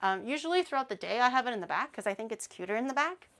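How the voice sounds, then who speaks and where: A woman streamer chats casually with her viewers in a slightly high voice. She is playful and giggly, laughs often, and rambles through long asides full of fillers. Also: lively intonation, very fast, fairly bright tone. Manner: chatty, rambling with many fillers. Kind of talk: casual livestream chat.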